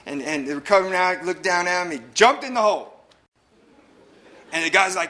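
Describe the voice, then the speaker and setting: A man's voice: on the high side, normal speed, pushed and bright. A man from El Paso, Texas, sharing his recovery story at a convention in an earnest way, with many repeated words and fillers.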